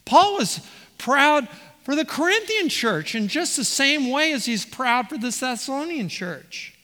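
A man's voice: very high-pitched, big pitch swings, unhurried, sharp tone. A man preaching a verse-by-verse sermon as the pastor, reading passages aloud and often restarting his phrases. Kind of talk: expository sermon. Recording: reverberant hall.

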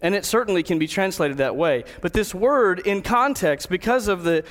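A man preaching a sermon, telling a personal story and then slowing down to stress key words of a Bible verse. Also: high-pitched, animated, a bit bright, long reverb tail. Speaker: pastor.

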